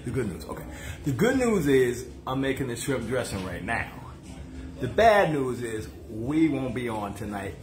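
A man hosting a casual cooking livestream from his home kitchen, joking and chatting with viewers. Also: medium pitch. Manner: joking, chatty, playful, drawn-out asides to viewers. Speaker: cooking show host. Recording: echoey kitchen with music behind.

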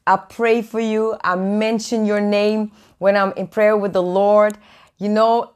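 Woman preacher, live stream host, bubbly, greets viewers, mid pitch. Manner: warm, excitable, greets viewers by name with high squeals. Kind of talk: lively live-stream Bible teaching. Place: away from home, indoors.

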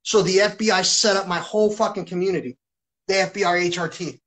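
A man's voice: high voice, steady tone, quick pace, fairly bright tone. Agitated, heavily swearing man livestreaming.

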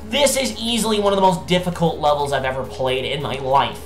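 A woman hosting a let's play, exasperated and swearing as she shouts at a hard level. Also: sits low, fairly quick, hardly any pauses. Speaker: gaming channel host. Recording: echoey room with faint game music.

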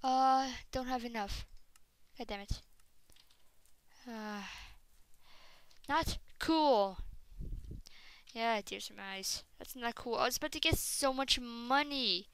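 A woman commenting on her game with a higher, very clear and bright voice, speaking slowly and then breaking into frustrated yelling. The sound is close and dry, with no room around it. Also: dry recording. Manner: excitable, bursts into frustrated shouting; talks straight to viewers as "guys". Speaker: gaming commentator.

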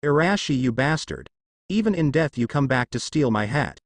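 A man's voice: medium pitch, sing-song, moderate pace, no room sound. A man voicing a grumbling old male village leader in a fan fiction reading.

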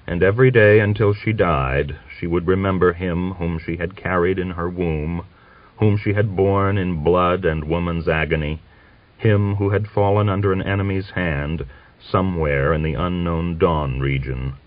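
A man reading a novel as an audiobook narrator, in a measured, solemn manner. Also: low-pitched, steady tone, dry recording. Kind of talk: scripted literary narration. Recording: dull lo-fi old recording.

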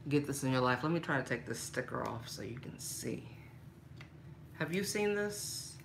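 A woman talking casually and playfully to her viewers in a shopping haul vlog, laughing often and getting animated when she complains. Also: moderate pace, gravelly, a little hiss or hum. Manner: playful, laughs a lot, talks straight to viewers as "girl"; animated, rises high when mock-angry. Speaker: vlogger showing a shopping haul.

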